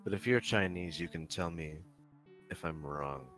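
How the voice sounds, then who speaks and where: A man's voice: low-pitched, normal speed, fairly bright tone, soft background music. A man from the United States chatting casually on a stream in a laid-back, joking way. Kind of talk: casual chat.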